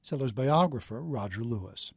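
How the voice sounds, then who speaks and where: A man giving measured, scripted documentary narration. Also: mid-range voice, animated, gravelly, darkish tone, breathy edge, no room sound.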